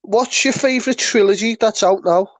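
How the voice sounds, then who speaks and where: A man's voice: sits high, moderate pace, dry recording. A young man with a Scouse accent hosting a podcast, asking the questions and keeping the jokes going. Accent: Liverpool Scouse. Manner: steers the talk, asks the questions, jokey. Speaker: podcast host. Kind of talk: casual podcast chat.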